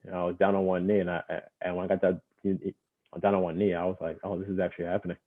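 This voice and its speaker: A young man with a very deep voice tells a personal story as a podcast guest. He talks loosely and casually, leans on fillers, and laughs easily. His voice comes through thin and narrow, like a phone line. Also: very fast. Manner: relaxed, laughs often, many fillers like "you know".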